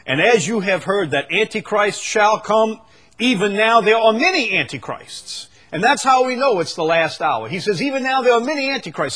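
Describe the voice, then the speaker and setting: Brief: male preacher, slightly higher pitch, husky tone, builds from hushed lines to booming repeated declarations. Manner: swings from quiet, low asides to loud drawn-out proclamations; repeats phrases for emphasis and reads scripture aloud. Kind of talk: sermon.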